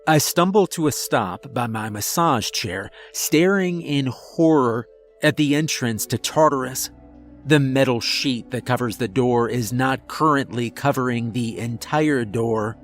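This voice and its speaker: Slow, tense male horror narrator. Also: mid-range voice, faint music behind. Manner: tense first-person storytelling. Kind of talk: scripted horror story narration.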